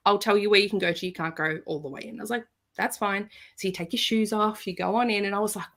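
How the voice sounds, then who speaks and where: A woman appearing as a podcast guest tells a personal story fast, in a mid-range voice. She is casual and animated, acting out the voices of the people she quotes.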